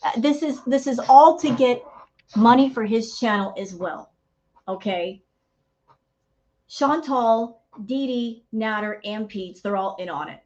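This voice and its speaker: A woman's voice: a little high, measured pace, a little mellow, highs cut off. A woman hosting a reaction channel, ranting in heated commentary and calling her viewers y'all.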